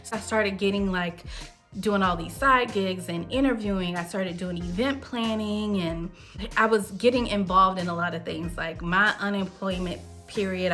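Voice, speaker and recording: A woman's voice: lowish voice, fairly bright tone. A woman in her thirties, host of a wine show, telling a personal story in a chatty, candid way. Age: 30s. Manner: chatty, candid, with frequent fillers.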